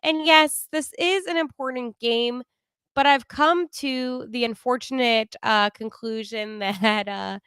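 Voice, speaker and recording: A woman's voice: on the high side, takes it slowly, a bit bright, smooth, dry recording. A woman hosting a live hockey podcast in a casual, chatty way, with frequent fillers and small laughs. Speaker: podcast host.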